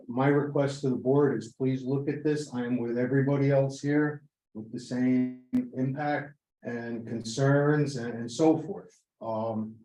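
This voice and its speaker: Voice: mid-range voice, dark tone. A resident speaking plainly and hesitantly at a town meeting public comment. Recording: echoey room, dull lo-fi sound.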